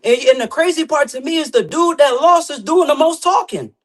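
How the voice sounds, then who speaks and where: A man's voice: extremely high pitch, lively intonation, brisk. A man in casual podcast banter, boasting and trash-talking a rival. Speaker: guest competitor.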